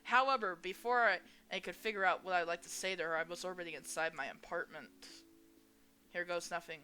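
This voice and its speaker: Woman reading anxious main character narrating, blames themselves, bright voice. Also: lowish voice, a little fast, clear, resonant tone, soft background music. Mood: worried. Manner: fretful inner monologue. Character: anxious young protagonist, self-blaming. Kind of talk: voicing a visual novel aloud.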